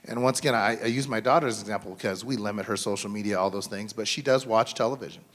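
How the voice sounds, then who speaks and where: A man in his thirties or forties speaking on a school mental health panel in a slightly low voice. He talks in an earnest, conversational way, full of "um"s and restarts as he works through his points. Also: racing, a bit bright. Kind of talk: symposium panel talk. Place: school event.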